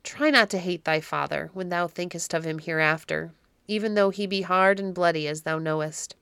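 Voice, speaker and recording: A woman's voice: lowish voice, normal speed, gravelly, a bit bright, clear, resonant tone, no echo. A woman voicing a grim, proud middle-aged knight in a storybook reading, speaking in solemn old-fashioned words. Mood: tender. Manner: solemn old-fashioned speech, bold challenges.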